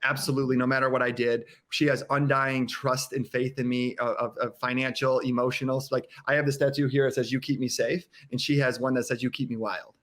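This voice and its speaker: A man's voice: medium pitch, level tone, fairly bright tone. A man talking as a podcast guest, candid and earnest, often restarting his sentences and acting out what others said. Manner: earnest, halting, many restarts, acts out quotes. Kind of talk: candid conversational sharing.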